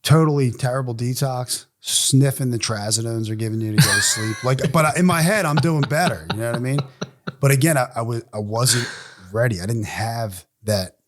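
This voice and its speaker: A man's voice: medium pitch, fairly quick. A man in his forties, a podcast guest, tells his recovery story candidly and bluntly, swearing freely and acting out what other people said. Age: 40s. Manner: blunt, profane, animated storyteller; acts out other people's lines in quoted voices.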